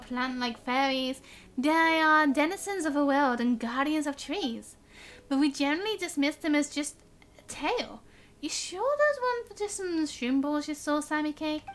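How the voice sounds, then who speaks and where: A young woman streaming a game, reading its dialogue aloud and chatting, bubbly and quick to laugh at her own slips. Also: sits high, fairly bright tone. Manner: chatty, bubbly, stumbles on words and laughs at herself. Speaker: gaming streamer. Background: game music.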